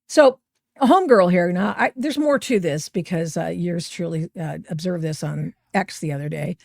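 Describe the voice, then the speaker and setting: A woman's voice: mid-range voice, moderate pace, creaky, dry recording, clean studio sound. A middle-aged woman hosting a podcast, giving opinionated, sarcastic commentary over video clips. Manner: sarcastic, animated, mocking voices she quotes. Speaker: podcast host.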